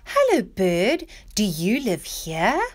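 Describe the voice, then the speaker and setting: A woman's voice: medium pitch, huge pitch swings, slow, heavily acted. A woman voicing a small, curious little girl who greets animals with eager questions.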